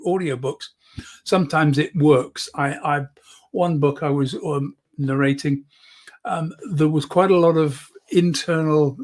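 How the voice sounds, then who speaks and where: Slightly high and a little mellow, a male speaking coach's voice leads an online lesson on public speaking. He works close to the microphone, moving in and out, to demonstrate shifts in volume and emphasis.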